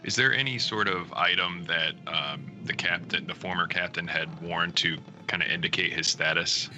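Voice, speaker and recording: A man playing a tabletop role-playing game, asking the game master measured, polite questions. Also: low-pitched. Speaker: player.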